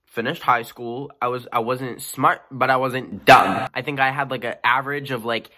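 A man in his twenties talking to camera in a casual, playful vlog, mocking himself and jumping between loud outbursts and mumbled asides. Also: mid-range voice, steady tone, normal speed. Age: 20s. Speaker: YouTuber. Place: room with bookcases.

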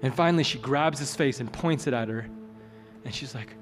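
A pastor preaches in a loose, conversational way, slipping in jokes as he tells a story. His voice rings through a large church hall with a long tail. Soft music plays underneath. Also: mid-range voice, brisk. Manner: conversational, joking asides. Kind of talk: sermon with storytelling.

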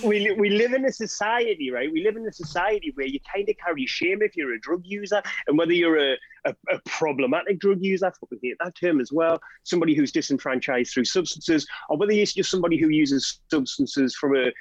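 A fired-up Geordie man from Northeast England rants on a podcast as a guest, a drug harm-reduction trainer with a slightly higher voice. He's animated and sweary, firing off rapid rants full of "right?" and "do you know what I mean" in a passionate conversation. The recording is muffled, dull and dry.

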